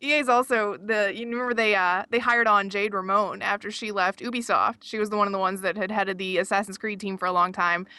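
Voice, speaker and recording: Bright, wry woman podcaster. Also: medium pitch, steady tone, clear, resonant tone, dry recording. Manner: quick, wry and teasing. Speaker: gaming podcast host. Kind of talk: casual chat.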